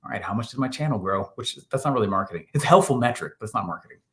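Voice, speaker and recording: Animated, laughing male storyteller. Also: lowish voice, very fast. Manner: animated, laughing, acts out quotes. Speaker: guest, marketing entrepreneur. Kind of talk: storytelling in an interview.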